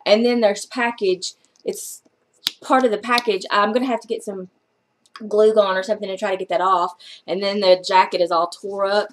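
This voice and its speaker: A woman book vlogger chatting casually through her book haul, excitable and gushing, with some casual swearing. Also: medium pitch, moderate pace, a little hiss or hum.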